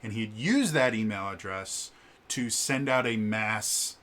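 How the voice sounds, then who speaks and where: A man telling a casual story in a vlog, animated and acting out the quoted lines, with fillers and stammered restarts. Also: slow pace. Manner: animated, acts out quoted lines with shifts in pitch. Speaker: vlogger.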